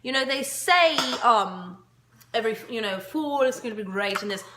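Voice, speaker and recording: A woman's voice: fairly high pitch, expressive, normal speed, a bit bright. A woman from Scotland co-hosting a casual chat show, talking in a chatty way that trails off and restarts. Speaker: co-host. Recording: roomy echo, faint noise.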